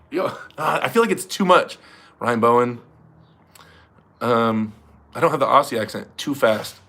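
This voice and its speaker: A man's voice: mid-range voice, animated, unhurried, gravelly, pauses often, bright, forceful tone. A man hosting a casual livestream fundraiser, rambling and chatting with viewers and laughing often. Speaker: livestream host.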